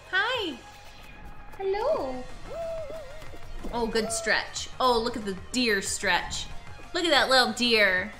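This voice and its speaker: Woman, young, game streamer, casual chat, baby talk at dog, very animated pitch, soft music behind. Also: slow pace. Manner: chatty and animated, talks to viewers.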